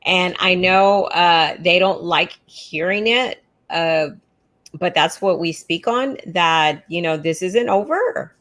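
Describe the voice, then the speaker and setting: A woman co-hosts a casual livestream for educators, her voice pitched on the lower side. She agrees readily and talks in loose, restarting phrases filled with fillers. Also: takes it slowly, fairly bright tone. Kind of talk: casual chat.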